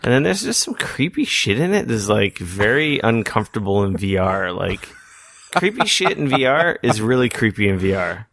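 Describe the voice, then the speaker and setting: A man's voice: lowish voice, very animated, moderate pace, fairly bright tone. A man hosting a podcast in casual chat, rambling and swearing freely. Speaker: podcast host.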